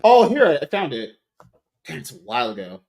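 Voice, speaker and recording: Animated, rambling male podcast host. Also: fairly high pitch, normal speed, creaky. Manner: rambling, swears a lot, frequent restarts. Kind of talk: casual podcast chat.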